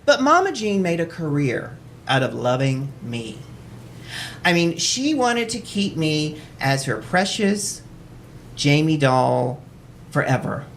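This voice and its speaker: A man from Texas hosting a live storytelling show in a cabaret, telling a personal story in a wry, animated way and often laughing as he goes. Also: a little high, takes it slowly, vocal fry, a little hiss or hum. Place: cabaret stage before an audience.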